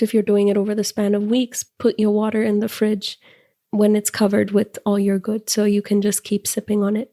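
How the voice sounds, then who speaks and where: Podcast host, woman, earnest and gushing, gravelly low-key voice, guides listeners through a ritual. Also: dark tone.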